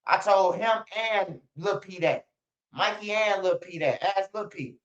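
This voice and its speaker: A man talks straight to his livestream audience, rambling loosely and swearing as he goes. His voice sits a little high for a man. The stream audio is slightly dull and lo-fi. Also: measured pace. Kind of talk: casual livestream commentary. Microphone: streaming setup.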